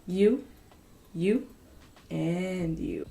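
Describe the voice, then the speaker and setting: Slow-talking woman hosting an eating show. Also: on the low side, steady tone. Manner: unhurried and chatty, with pauses to taste and murmur. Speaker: mukbang host. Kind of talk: casual eating-show chat to camera.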